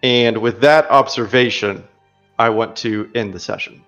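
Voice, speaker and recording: Slow-speaking male game master. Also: mid-range voice, a bit bright, lo-fi sound, soft background music. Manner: slow, measured narration. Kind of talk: narrating a tabletop game.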